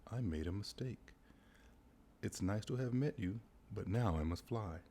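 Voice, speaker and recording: A man doing a mean, hushed dragon. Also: on the low side, expressive, a little slow, slight background noise. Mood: flustered. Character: mean hungry male dragon.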